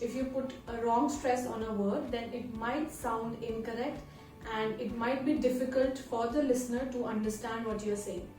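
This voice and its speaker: A woman giving a clear, deliberate video lesson as a test-prep tutor. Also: fairly high pitch, darkish tone. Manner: clear, deliberate teaching delivery. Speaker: IELTS tutor. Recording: very echoey room, from a distance, faint music.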